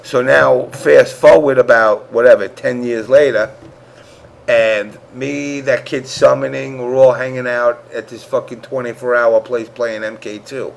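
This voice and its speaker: A male podcast host with a gravelly, rough-edged voice tells crude stories in loose, casual banter. He acts out what other people said as he goes. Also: medium pitch, steady tone, measured pace, a little hiss or hum. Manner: crude, storytelling, acts out quotes. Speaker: show host.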